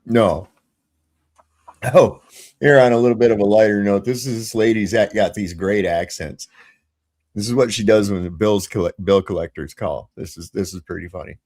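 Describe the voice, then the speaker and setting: A man's voice: fairly low pitch, normal speed, darkish tone. A man hosting a casual panel discussion, talking loosely and profanely and reading out headlines. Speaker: host.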